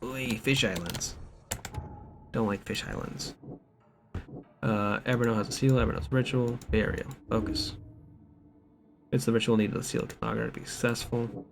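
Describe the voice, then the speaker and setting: Joking gravelly young gamer. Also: male voice, medium pitch, fairly even intonation, normal speed, pauses often. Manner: joking, reads game notes aloud, rambling. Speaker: streamer. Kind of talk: casual let's-play commentary. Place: home streaming setup. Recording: background noise with keyboard typing.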